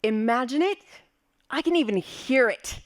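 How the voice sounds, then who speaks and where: A woman's voice: high voice, animated, unhurried. A woman performing a personal story on stage, wry, vivid and theatrical. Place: library auditorium stage.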